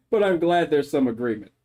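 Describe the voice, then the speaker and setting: Male streamer, animated and mock-solemn into his mic, slightly high voice. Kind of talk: casual livestream chat. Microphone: microphone.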